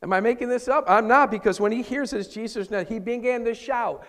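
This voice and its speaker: A man preaching a sermon as pastor, moving between loud emphasis and hushed, intimate asides. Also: high-pitched, moderate pace. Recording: long hall reverb.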